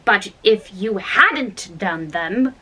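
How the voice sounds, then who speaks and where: A woman's voice: expressive, drawn-out words, sharp tone, breathy edge, heavily acted, poor audio. Woman doing a fussy, careless storybook queen. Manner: careless tone, breaks into shrill screaming. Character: scatterbrained old queen, fussy and dramatic. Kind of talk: storybook reading.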